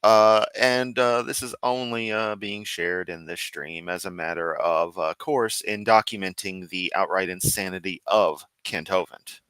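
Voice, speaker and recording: Deep-voiced sarcastic streamer man. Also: steady tone, a little slow, hardly any pauses, fairly bright tone, smooth, no echo, poor audio. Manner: sarcastic, dismissive, with frequent uh and um. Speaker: streamer host. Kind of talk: casual commentary.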